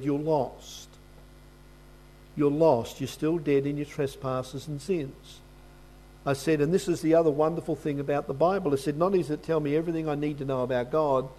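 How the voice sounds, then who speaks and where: Preaching man telling a story, higher voice. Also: dark tone, a little hiss or hum. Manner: anecdotal, acts out both sides of a dialogue. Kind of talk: sermon with storytelling.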